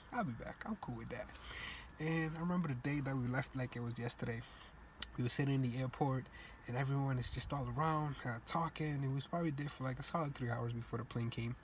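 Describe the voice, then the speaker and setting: A man's voice: medium pitch, a little hiss or hum. Young man telling his own story. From Cape Verde. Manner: reflective, earnest, loose casual grammar. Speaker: student speaker. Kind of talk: personal storytelling speech.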